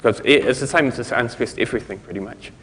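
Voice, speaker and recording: A man's voice: mid-range voice, quick pace, fairly bright tone. A man with a New Zealand accent giving a loose, self-correcting conference talk, chuckling now and then. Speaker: conference speaker. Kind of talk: technical talk on speech recognition. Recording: long hall reverb.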